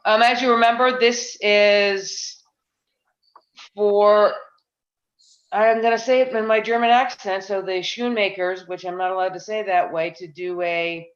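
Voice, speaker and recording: A woman's voice: fairly even intonation, unhurried. A woman chairing a town planning board meeting, chatty and self-deprecating, thinking aloud with frequent restarts. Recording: muffled low-fi meeting audio.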